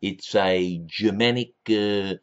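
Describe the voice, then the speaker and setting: A man rambling through a comic monologue for his own show pilot, laughing at his own jokes and breaking into shrill excited shouts, on a dull lo-fi recording. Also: takes it slowly.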